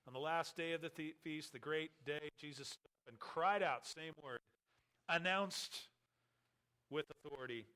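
A man's voice: fairly high pitch, normal speed, bright, forceful tone, clear, resonant tone. A man preaching an expository sermon as a pastor, emphatic and full of rhetorical questions.

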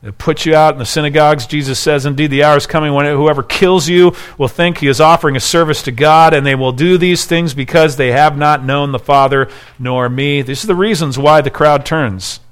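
A man's voice: on the high side, steady tone, a little fast, clear, resonant tone. A man preaching an expository sermon, reading scripture aloud and explaining it, rising in intensity when he voices the people in the text. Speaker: pastor.

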